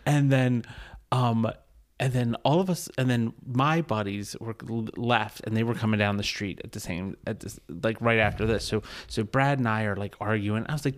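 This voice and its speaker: A man's voice: on the low side, moderate pace. A man telling a rambling, profane bar story in casual podcast chat, laughing often.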